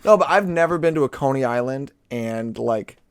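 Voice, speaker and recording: A man's voice: medium pitch, expressive, moderate pace, clean tone, no room sound. A man co-hosting a podcast in casual chat, exaggerating dramatically and laughing often. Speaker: podcast co-host.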